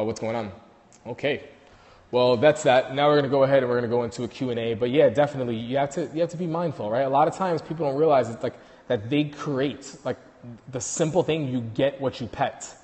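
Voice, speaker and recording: A man's voice: mid-range voice, a little mellow, big-room sound. A man with a New York accent, a dog trainer hosting a casual livestream on his phone, talking loosely with many fillers and restarts.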